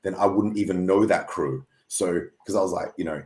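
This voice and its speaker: Deep-voiced man in an echoey room. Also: a little fast, a little mellow. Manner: hesitant, many fillers and restarts, agreeable. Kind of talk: casual roundtable chat.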